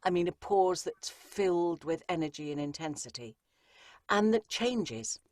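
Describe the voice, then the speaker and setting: A woman's voice: lowish voice, expressive, unhurried, a little mellow, no room sound, clean studio sound. A woman, an audiobook narrator and coach, explaining her craft in an interview and driving points home through repetition. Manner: emphatic, repeats phrases for effect. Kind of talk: interview conversation.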